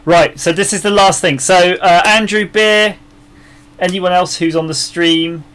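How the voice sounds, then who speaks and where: Working on a circuit board during a live stream, this man keeps up casual chat, laughing a lot and muttering while he looks for things. His fairly bright voice sits high, with fairly even intonation and an unhurried pace, picked up by a microphone roughly three feet from him.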